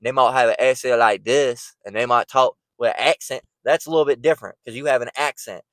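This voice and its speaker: A man's voice: medium pitch, brisk, fairly bright tone, dry recording. A man giving an informal, blunt preaching rant, profane and repeating words as he gets worked up. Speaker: online preacher.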